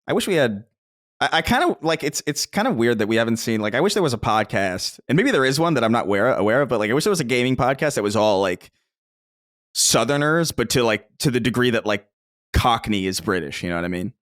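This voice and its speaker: Lively, profane American podcast co-host. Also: male voice, medium pitch, fast talker, no echo, studio quality. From United States. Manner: swears casually, drops into jokey impressions. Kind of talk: casual chat.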